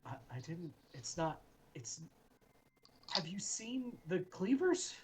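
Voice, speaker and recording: A player in a casual tabletop game, explaining things in a halting way with restarts. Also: mid-range voice, sing-song, background noise.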